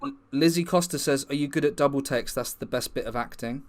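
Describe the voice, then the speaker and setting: A man's voice: medium pitch, a little fast. A young man hosting an improvised comedy livestream, rambling through mock-earnest bits.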